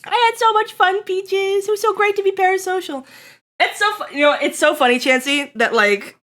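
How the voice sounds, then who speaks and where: A woman's voice: extremely high pitch, moderate pace, a bit bright. A young woman streamer chatting casually with her viewers, giggly and playful, swearing and putting on mock-angry rants.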